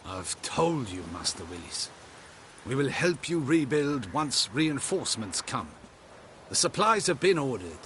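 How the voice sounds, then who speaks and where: A man's voice: medium pitch, big pitch swings, unhurried, fairly bright tone, slight background noise. An actor playing a stern male garrison officer in a video game, speaking in a curt, commanding way.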